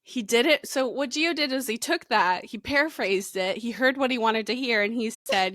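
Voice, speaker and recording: A woman in her thirties, a podcast co-host, telling stories in a casual chat with lively swearing and laughter. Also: fairly high pitch, moderate pace, few pauses, no echo, studio quality. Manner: animated storyteller, swears and laughs.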